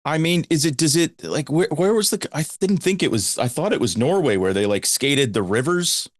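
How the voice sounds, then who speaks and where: A man's voice: on the high side, lively intonation, normal speed, no room sound. A man joining a casual sports podcast as a guest, answering in short, dry remarks.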